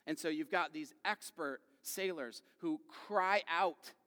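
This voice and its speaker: A man's voice: on the high side, slow. Man preaching in a reverberant hall. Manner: conversational, asks the congregation questions; acts out quoted voices with swings in loudness. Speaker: pastor. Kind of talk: sermon.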